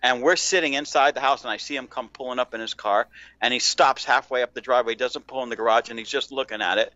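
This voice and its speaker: A man's voice: medium pitch, fairly even intonation, fast, bright, forceful tone, no echo, dull audio. A man co-hosting a casual podcast, telling a rambling, profane story and laughing often. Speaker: podcast co-host.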